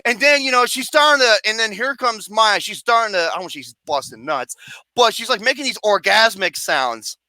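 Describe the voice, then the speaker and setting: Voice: medium pitch, expressive, a little fast, sharp tone, no room sound. A film reviewer ranting profanely and acting out scenes with mock wails and singing.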